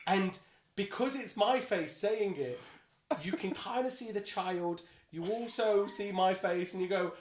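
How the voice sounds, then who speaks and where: A bass-voiced man, a dungeon master appearing as a podcast guest, chats casually in a playful, animated way and keeps dropping into quick character voices. The room is echoey, with a little background noise.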